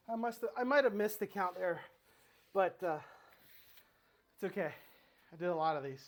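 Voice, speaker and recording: A man's voice: sits high, slow, pauses often, darkish tone. A man vlogging his home workout, counting reps aloud and talking casually while out of breath. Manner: counts reps aloud, rambling and self-correcting. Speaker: fitness vlogger. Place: home floor workout with his dog nearby.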